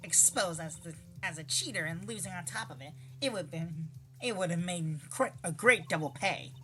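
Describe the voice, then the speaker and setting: A woman's voice: fairly low pitch, animated, moderate pace, fairly bright tone, soft background music. A woman voicing a scheming female card dealer in a put-on Russian accent while playing a visual novel. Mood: smug. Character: sly scheming female card dealer, cocky con artist.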